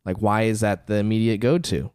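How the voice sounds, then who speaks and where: A man's voice: fairly low pitch, steady tone, fairly quick, darkish tone, clear, resonant tone, no echo, studio quality. A man co-hosting a casual chat, rambling through his points with lots of fillers and laughing at his own jokes. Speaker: podcast co-host.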